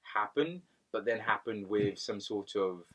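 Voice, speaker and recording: A man's voice: fairly low pitch, lively intonation, a little slow, fairly bright tone. A man co-hosting a podcast and telling stories in a casual, rambling way, often repeating words. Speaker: podcast co-host. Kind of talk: casual storytelling chat.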